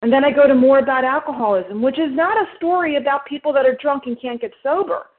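Higher-voiced woman with a New Jersey accent, emphatic and quick, sharing at a recovery meeting over the phone. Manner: emphatic, fast-talking, explains step by step. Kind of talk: personal share at a recovery meeting. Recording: phone line.

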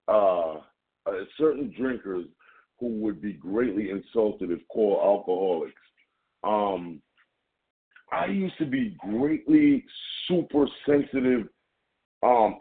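A man's voice: lowish voice, expressive, slow. A man with a Jamaican accent sharing casually and playfully at a recovery meeting, full of slang and banter. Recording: tinny phone line.

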